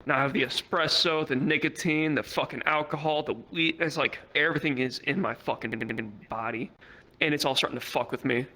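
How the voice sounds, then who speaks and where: Profane rambling stand-up man, bright voice. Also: a little high, steady tone, a little fast. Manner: profane, rambling anecdote with acted quotes. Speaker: stand-up comedian. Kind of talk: stand-up storytelling. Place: virtual reality comedy club.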